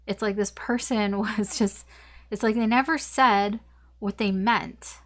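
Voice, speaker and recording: A woman's voice: mid-range voice, steady tone, a little slow, fairly bright tone. A woman giving a casual tarot reading, talking in a rambling, chatty way full of fillers and the odd swear word. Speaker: tarot reader.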